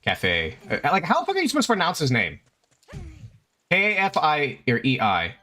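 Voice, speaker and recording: A man's voice: a little high, wildly swooping pitch, moderate pace, sharp tone. A young man casually commenting while he plays a video game, chatty and swearing freely, talking to his chat and to the game. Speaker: streamer. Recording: faint game music behind.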